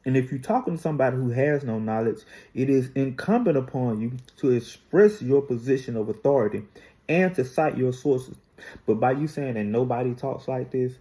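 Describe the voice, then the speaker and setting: Emphatic man with a mellow voice. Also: mid-range voice, low-quality recording. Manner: emphatic, preachy, slow and deliberate. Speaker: apologist rebutting commentary. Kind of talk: reaction rebuttal.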